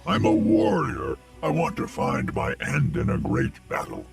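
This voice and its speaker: A gravelly, filtered robot warrior. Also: male voice, fairly high pitch, huge pitch swings, a little slow, recorded from a distance, music in the background, exaggerated voice. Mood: pleading. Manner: melodramatic, self-pitying. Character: weary old male warrior robot, gloomy and proud.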